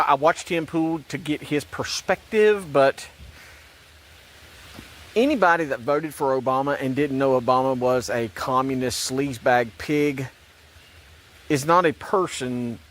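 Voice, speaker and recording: A man's voice: mid-range voice, unhurried, pauses often, a bit bright. A man ranting in a sarcastic, repetitive way about religion and politics, rambling and restarting his sentences. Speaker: online commentator.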